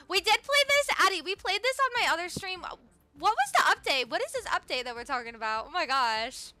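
A woman's voice: extremely high pitch, very animated, a little fast, bright, forceful tone, faint music behind. A young woman live-streaming a video game, bubbly and chatty, greeting viewers by name and reacting to the game with gasps. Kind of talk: live gaming stream chat.

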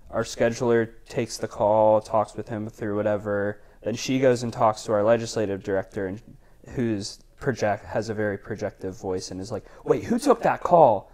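Young man, lowish voice, relaxed podcast guest spinning a story, loose and chatty with constant "like" fillers. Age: young adult. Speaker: podcast guest, congressional intern. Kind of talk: casual storytelling chat.

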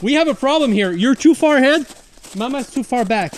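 Playful family dad. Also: male voice, extremely high pitch, animated, fairly quick, a little hiss or hum. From Québec, Canada. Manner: playful, teasing, laughs often. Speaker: family vlogger. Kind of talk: casual family vlog chat. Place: snowy forest trail outdoors.

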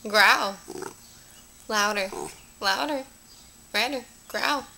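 A woman's voice: mid-range voice, drawn-out words, vocal fry, sharp tone, a little hiss or hum. A woman filming her dogs at home, coaxing them through tricks with short repeated commands. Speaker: pet owner. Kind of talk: home video talking to pets.

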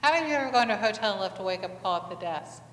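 Rapid-fire and animated, a woman pastor with a medium-pitched, fairly bright voice preaches a conversational sermon, firing many questions at the congregation and telling lively stories. It's recorded in a church sanctuary that sounds echoey, with faint ambience.

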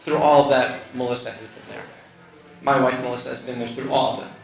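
A man's voice: mid-range voice, steady tone, fairly quick, vocal fry, echoey room, faint music behind, rough recording. A middle-aged man telling a personal story on stage at a story slam, earnest and conversational with self-deprecating asides. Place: stage in a live venue.

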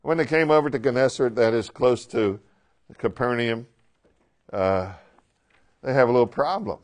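Here a Bible teacher, animated and conversational, goes over the reading with his class, dramatizing quoted lines and frequently questioning his listeners. His medium-pitched voice moves at a normal speed.

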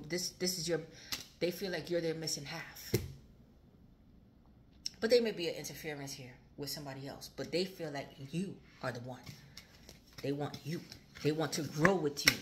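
A woman's voice: low-pitched, background noise. A woman giving a casual tarot reading, chatty and repetitive, swearing freely. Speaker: tarot reader.

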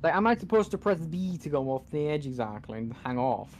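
A man's voice: a little high, very animated, a little fast, slight background noise. A young man giving let's play commentary, frustrated and swearing at the game as he plays. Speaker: gaming channel host.

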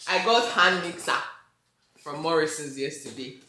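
Bright-voiced Nigerian woman vlogging. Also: low voice, normal speed, echoey room, a little hiss or hum. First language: Yoruba. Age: 20s. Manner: chatty, excitable, slips into Yoruba. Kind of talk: casual vlog chat. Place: home kitchen, indoors.

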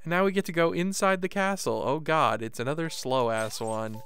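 A man giving casual, excitable commentary while playing a VR game at home, swearing casually and laughing often. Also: on the high side, moderate pace, clean tone, faint music behind. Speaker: gaming streamer. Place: home room, seated on the floor.

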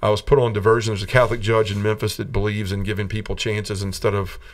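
A man's voice: fairly low pitch, flat delivery, quick pace, far from the mic. A middle-aged man from the American South giving a personal testimony in a podcast interview, storytelling earnestly and acting out the voices of the people in his story. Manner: earnest storytelling, acts out quoted voices, laughs between lines. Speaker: guest telling his conversion story.

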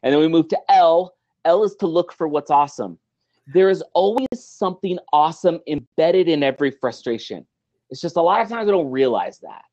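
A middle-aged man, a guest on an interview show, talking in an animated, motivational way and acting out little everyday scenes. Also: fairly high pitch, a little fast, highs cut off.

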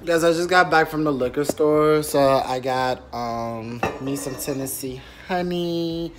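In a rented apartment, a young man with a slightly high voice talks to his phone camera at a measured pace for a casual vlog. He rambles chattily with frequent fillers like "period," and the background is noisy.

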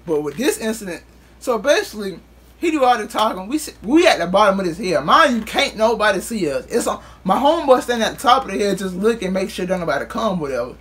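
A man's voice: high-pitched, sing-song, fast, fairly bright tone, breathy edge. A man vlogger telling a casual storytime in loose, profane street talk, acting out what others said.

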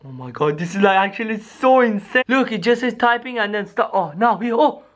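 Brisk and very high-pitched, a male YouTuber tells a scripted scary skit, excitedly rushing his words to viewers with plenty of "yo" and "guys". Throughout, he keeps the audience behind the camera close.

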